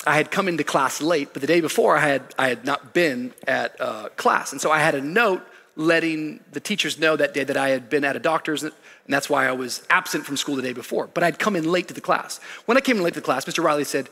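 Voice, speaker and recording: A male pastor tells a story in an animated, humorous sermon. His voice is bright and a bit husky, set slightly high. It carries the long reverb of a big church hall. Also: fairly quick. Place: church stage.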